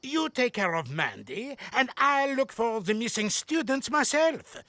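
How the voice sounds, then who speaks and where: A suave palace valet. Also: male voice, extremely high pitch, big pitch swings, measured pace, bright, forceful tone, no room sound, heavily acted. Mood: obliging. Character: smooth, overly helpful adult male palace valet. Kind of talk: cartoon voice acting.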